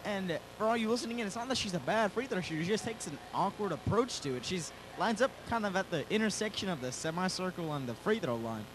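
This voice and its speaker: A young man doing color commentary at a school basketball game, relaxed and analytical, announcing substitutions. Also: high voice, quick pace, few pauses, noisy background. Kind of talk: sports commentary.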